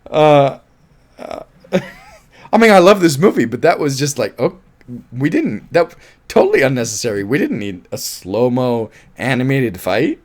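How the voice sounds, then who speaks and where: A man casually reviewing a film, animated and laughing often, with offhand swearing. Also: on the high side, moderate pace. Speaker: movie reviewer.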